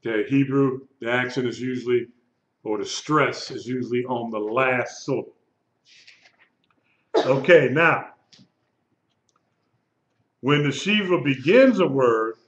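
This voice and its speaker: A man teaching a live Hebrew lesson, speaking slowly and patiently and repeating words for his students. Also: mid-range voice. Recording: lo-fi echoey room recording.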